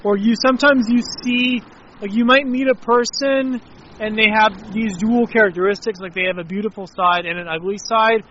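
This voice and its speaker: A man's voice: high voice, steady tone, normal speed, pushed and bright, lo-fi sound, slight background noise. A man talking casually outdoors, rambling and reflective, with many filler words. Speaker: interviewee.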